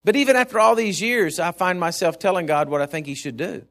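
A man's voice: sits high, a little fast, fairly bright tone. A male preacher giving a sermon in an emphatic, conversational way.

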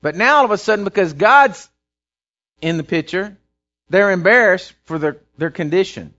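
A man's voice: sits high, lively intonation, normal speed, bright, forceful tone. A man preaching a sermon, telling a story and building to emphatic, repeated phrases. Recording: dull lo-fi sound.

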